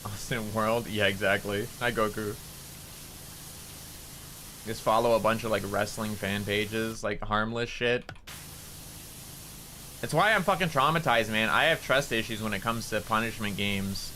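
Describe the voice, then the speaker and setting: Bright-voiced, profane male streamer. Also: slight background noise. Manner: profane, excitable, jumps into high-pitched outbursts. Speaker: VTuber streamer. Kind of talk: casual livestream chat while gaming.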